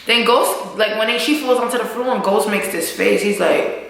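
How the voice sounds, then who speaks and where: A woman's voice: mid-range voice, moderate pace, creaky. A woman recapping a TV episode in a casual, slangy way, swearing freely and acting out what the characters say. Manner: animated, slangy, swears, acts out characters' lines. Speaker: show recap vlogger. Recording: echoey room.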